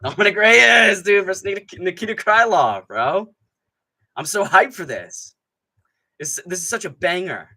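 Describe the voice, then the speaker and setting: A man hosting a live fight-night stream, ranting in a rambling, profane, excitable way and often laughing mid-sentence. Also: high-pitched, a little slow, breathy edge. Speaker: MMA streamer host. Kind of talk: live stream commentary, casual rant.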